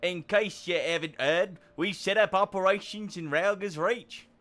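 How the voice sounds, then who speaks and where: A man voicing a rough-talking male airship engineer in a hammed-up, broad, working-class put-on accent, reading game dialogue aloud. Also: mid-range voice, very animated, moderate pace, a bit bright, soft background music. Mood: hammy.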